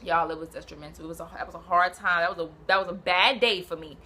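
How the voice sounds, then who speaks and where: A young woman from Brooklyn, telling a personal story in a casual, animated, slangy way and acting out what people said. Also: fairly low pitch, fast talker. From Brooklyn, New York. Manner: animated, swearing, slangy, acts out quotes.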